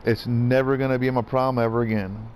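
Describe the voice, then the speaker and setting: A man's voice: medium pitch, flat delivery, fast talker, darkish tone, slight background noise. Profane ranting man. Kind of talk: casual gaming rant.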